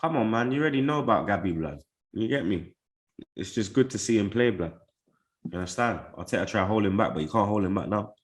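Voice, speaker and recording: A man's voice: lowish voice, animated, fast talker, roomy sound. A man hosting a football talk show, ranting and taunting in profane street slang. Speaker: show host. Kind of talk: heated football banter.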